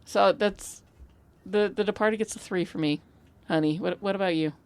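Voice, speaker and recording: A woman co-hosting a casual movie podcast, blunt and animated, swearing freely as she talks. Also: medium pitch, normal speed, clean tone. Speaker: podcast co-host. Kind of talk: casual chat.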